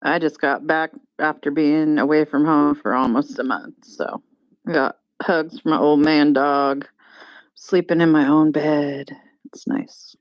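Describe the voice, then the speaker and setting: A woman's voice: low voice, steady tone, measured pace, no echo. Woman on a group call, jokey and giggly, dull dry audio. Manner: joking, giggly. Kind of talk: casual group chat.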